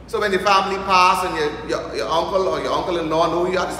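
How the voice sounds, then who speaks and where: A man's voice: a little high, quick pace, few pauses, pushed and bright. A male priest with a Bahamian accent preaching a sermon, joking and using local vernacular. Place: church. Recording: echoey church hall, faint noise.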